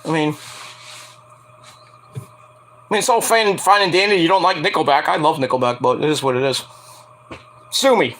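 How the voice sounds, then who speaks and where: A man casually recapping a wrestling show, animated, profane and sarcastic. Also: on the high side, normal speed, pauses often. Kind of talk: casual rant-style recap.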